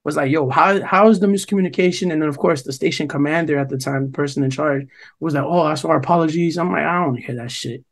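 A man's voice: on the high side, fast, vocal fry. A young man from New Jersey, co-hosting a podcast, telling a long, profane story in casual chat and quoting other people's lines. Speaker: podcast co-host.

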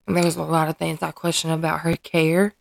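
A woman with a low, gravelly voice talks openly on her personal podcast. She speaks earnestly and hesitantly, often stopping and restarting as she looks for words. The recording is close and dry, with no room sound. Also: flat delivery, fairly quick, no echo. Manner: earnest and emotionally open. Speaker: podcast host and mother. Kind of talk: candid personal podcast monologue.

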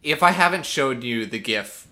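A man's voice: medium pitch, animated, moderate pace, bright, forceful tone. A man co-hosting a casual podcast, chatty and laughing often as he reads out facts. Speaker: podcast co-host. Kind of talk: casual chat.

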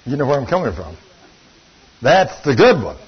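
A man in his sixties preaching a fervent, animated sermon and acting out quotes. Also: mid-range voice, normal speed, breathy edge. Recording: muffled lo-fi recording.

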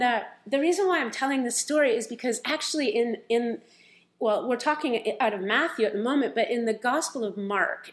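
A woman preaching a sermon, retelling scripture stories in a lively, conversational way. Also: a little high.

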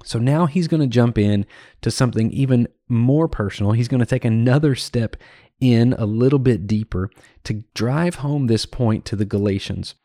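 A man's voice: medium pitch, normal speed, mellow, dry recording, clean studio sound. A man hosting a Bible teaching podcast, explaining and paraphrasing verses in an earnest, conversational way. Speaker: podcast host teaching scripture.

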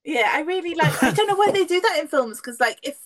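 A woman with a high voice talking on a casual podcast. She is lively, laughs a lot and swears casually. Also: fast talker, over a noisy crowd.

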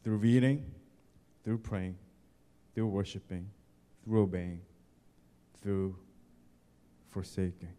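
A man preaching a sermon at a slow, deliberate pace, his voice warm and mellow. He addresses the congregation directly and hammers each point home with repeated words and lists. The voice carries a long reverb from a large church hall. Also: low-pitched. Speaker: pastor. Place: church sanctuary.

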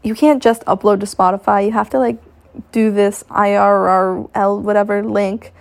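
A woman's voice: medium pitch, little pitch movement, normal speed, gravelly, darkish tone. A woman hosting her own podcast, talking on her own in a blunt, profane, motivational way. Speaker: podcast host. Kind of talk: casual solo podcast monologue. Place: home in Maine.

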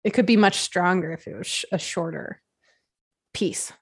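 A woman's voice: lowish voice, moderate pace, vocal fry, breathy edge. A woman in casual chat, reviewing a TV series and thinking aloud with lots of "like". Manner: chatty, thinks aloud with frequent "like".

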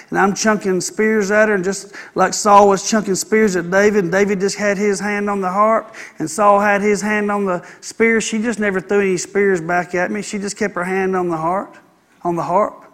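A man's voice: high voice, little pitch movement, moderate pace, fairly bright tone. A middle-aged man, a pastor preaching a sermon in a folksy, conversational way with playful asides.

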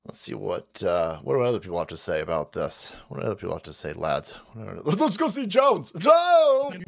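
A man hosting a livestream, ranting about politics in a profane, animated way with frequent laughter. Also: low-pitched, fast talker, creaky. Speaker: livestream host.

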